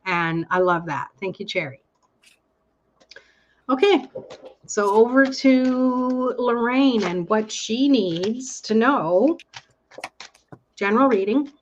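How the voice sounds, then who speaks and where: A woman hosting a live online tarot reading, chatting warmly with viewers and reading their cards aloud. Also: fairly high pitch, animated, highs cut off, slight background noise. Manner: enthusiastic, reads cards aloud slowly. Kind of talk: casual live chat. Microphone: online call audio.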